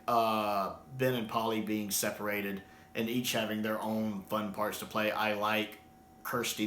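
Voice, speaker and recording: A man's voice: lowish voice, bright, forceful tone, a little hiss or hum. A man reviewing a novel in a casual, enthusiastic way, laughing often and filling with "you know". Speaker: book reviewer. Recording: roomy echo.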